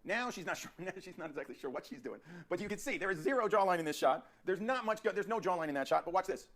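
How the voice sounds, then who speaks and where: A man teaching portrait posing in his photo studio, directing a subject with energetic, repetitive coaching. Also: high-pitched. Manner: rapid, energetic coaching with frequent restarts and repeats.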